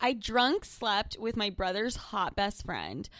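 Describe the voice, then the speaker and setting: A young woman co-hosting a podcast, sassy and brash, with quick comebacks. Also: medium pitch, very animated, a bit bright, dry recording, studio quality. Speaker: podcast co-host. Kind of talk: casual chat.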